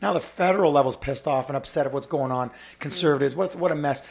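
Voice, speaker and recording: On his podcast, a man argues politics fast and heatedly, with the fervor of someone on the campaign trail. His voice is on the high side and shows vocal fry.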